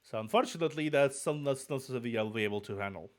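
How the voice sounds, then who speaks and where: Quick-paced and animated, a man with a mid-range voice and a slight Russian accent chats loosely as he prepares to read a book on stream. He sounds a bit sick and keeps restarting his sentences, muttering asides along the way.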